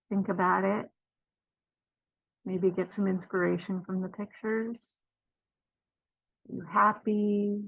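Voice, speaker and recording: A woman leading a children's storytime, gently encouraging kids and singing along. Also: medium pitch, vocal fry, no echo, highs cut off.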